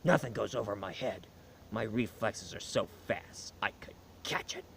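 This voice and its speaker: A man voicing a literal-minded hulking male alien warrior, speaking flatly in a low, quiet, slow voice. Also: creaky, very noisy. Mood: deadpan literal.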